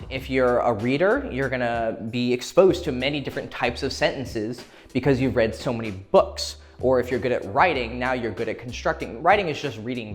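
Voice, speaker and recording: A man coaching on dating in a casual, profane way, acting out short quoted exchanges as he explains. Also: medium pitch. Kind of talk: instructional talk to camera.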